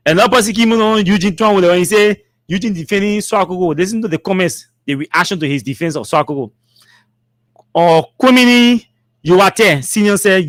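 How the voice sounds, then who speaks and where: Man, Liberian English accent, talk host, high voice, dry close sound, mocking. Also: normal speed, fairly bright tone, no echo. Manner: mocking, laughs between readings. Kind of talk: reading and commenting on social media posts. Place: studio.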